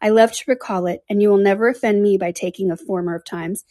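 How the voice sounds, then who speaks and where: A woman reading aloud, voicing an eager, passionate young woman in an animated, emphatic manner. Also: mid-range voice, fast talker, no echo, clean studio sound, natural voice. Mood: earnest.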